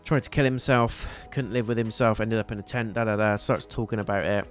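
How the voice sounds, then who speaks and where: Man, lower voice, casual TV episode review, chatty scene recap, faint background music. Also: steady tone, quick pace. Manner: chatty recap, loosely paraphrasing dialogue.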